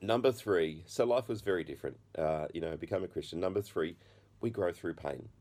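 A middle-aged man preaching, telling his own story in an earnest, halting way. His voice sits low and sounds warm and soft. He stops and restarts often, with plenty of fillers. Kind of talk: testimony sermon.

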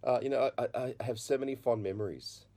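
A middle-aged man sharing his personal testimony, halting with many restarts, and a slight cough. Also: mid-range voice, warm tone. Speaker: speaker giving his testimony.

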